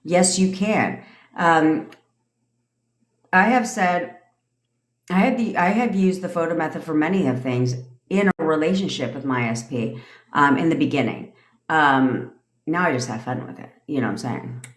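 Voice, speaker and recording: Low-voiced blunt woman coach, echoey room. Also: moderate pace, pauses often. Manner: blunt, profane, laughing often. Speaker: manifestation coach. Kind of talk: casual livestream rant and Q&A.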